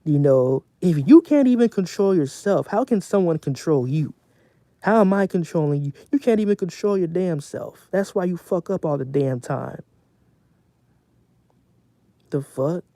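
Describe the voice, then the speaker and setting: A young man streaming casually from home, venting in a profane, animated rant. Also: fairly high pitch, measured pace, no room sound.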